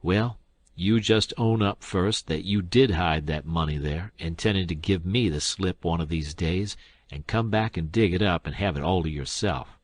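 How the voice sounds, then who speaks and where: A man voicing a sharp-tongued male swindler who talks briskly, sarcastically and forcefully, with a husky voice. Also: low-pitched, no room sound. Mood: angry.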